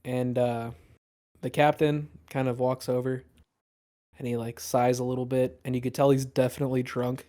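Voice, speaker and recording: A man's voice: medium pitch, little pitch movement, unhurried, pauses often, warm tone. A man narrating a tabletop game as dungeon master, rambling with many fillers.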